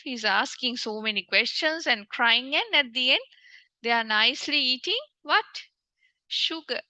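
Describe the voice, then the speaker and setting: A woman's voice: sits high, expressive, measured pace, bright, forceful tone, no echo, low-quality recording. A woman from Sri Lanka teaching an online English lesson, patiently asking the class frequent questions as she goes through a story.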